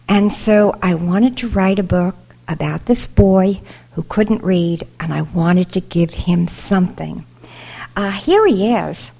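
A woman's voice: fairly low pitch, takes it slowly, gravelly. An older woman, a children's author, telling funny stories to a young audience and then reading aloud from her book. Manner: chatty, humorous, animated storytelling. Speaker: children's author visiting a school.

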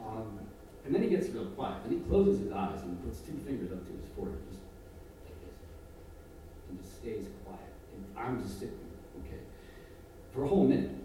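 A man telling a personal story on stage with an audience, animated and self-mocking, building into rants, from a distant mic in an echoey hall. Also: fairly low pitch, background noise.

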